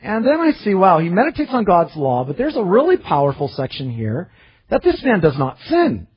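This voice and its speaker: A man's voice: sits high, huge pitch swings, normal speed, husky, highs cut off. A man preaching a sermon in an earnest, self-searching way, often restarting his phrases.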